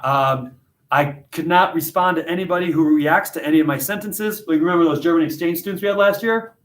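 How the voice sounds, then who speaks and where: A man teaching a literature class, leading discussion and telling stories in a jokey, animated, self-deprecating way. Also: on the high side, a little fast, roomy sound. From United States. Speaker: high school literature teacher.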